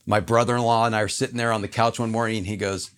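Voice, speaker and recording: Man, podcast guest, lowish voice, animated storytelling, acts out dialogue, earnest and reflective. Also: very fast. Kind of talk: personal storytelling in a conversation.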